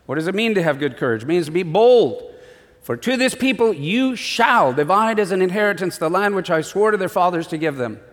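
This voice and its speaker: High-voiced male pastor preaching in a hall. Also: brisk. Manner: animated, acts out voices in stories. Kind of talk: sermon.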